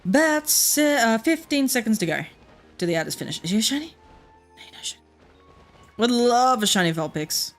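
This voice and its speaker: An Australian woman streaming a game, chatting casually and rambling through a story with frequent laughs and quick asides. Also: a little high, lively intonation, faint music behind. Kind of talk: casual chat while playing.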